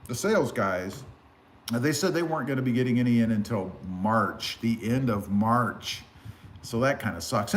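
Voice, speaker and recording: A man from South Texas hosting a casual car livestream on a phone, reading viewer comments in a relaxed, rambling way. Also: medium pitch. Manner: relaxed, rambling with many fillers. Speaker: car channel host. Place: live stream over phone.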